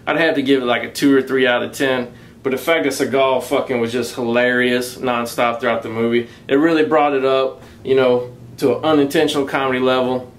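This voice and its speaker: A man giving a casual, profanity-laden movie review, recounting the plot in a crude, mocking, animated way and laughing along. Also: medium pitch.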